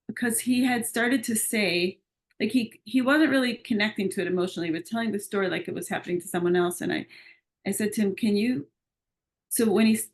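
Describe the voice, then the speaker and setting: A woman coach and retreat leader telling a story in a casual conversation and acting out the lines of the people in it. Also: on the low side. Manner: lively storyteller who acts out quoted dialogue.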